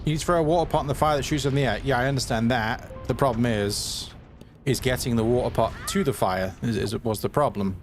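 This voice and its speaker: A man's voice: medium pitch, faint music behind. Self-mocking male game streamer. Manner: chatty, self-mocking, quick to frustration. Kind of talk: live gameplay commentary.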